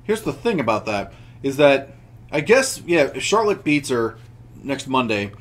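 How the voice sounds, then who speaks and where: A man's voice: mid-range voice, sing-song, measured pace. A young man chatting casually on a podcast, recapping a wrestling show with lots of restarts and laughter. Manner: rambling, many restarts, laughs while telling. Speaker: podcast co-host.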